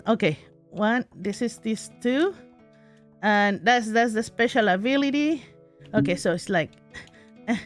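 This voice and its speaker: A woman doing let's play commentary, excitable, talking to herself with shrieks and laughs. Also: on the high side. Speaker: gaming streamer.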